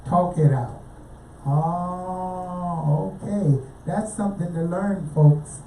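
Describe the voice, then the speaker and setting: A woman's voice: slow, dark tone. A woman hosting a casual radio show, chatting with guests and asking for donations. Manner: chatty, asks questions, drifts into pitches for donations. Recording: roomy, distant mic, faint noise.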